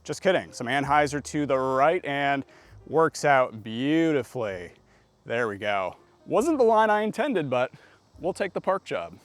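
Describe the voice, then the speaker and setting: A man's voice: medium pitch, measured pace, faint music behind. Upbeat man narrating his rounds outdoors. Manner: chatty, upbeat, excitable on shots. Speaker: disc golf YouTuber. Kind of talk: casual play-by-play commentary. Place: outdoor disc golf course.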